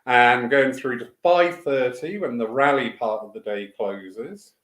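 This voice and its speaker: A man's voice: medium pitch, measured pace, fairly bright tone, reverberant. A man who organizes church events, running through the day's programme in a chatty, enthusiastic way with fillers and asides. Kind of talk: casual spoken announcements. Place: church hall.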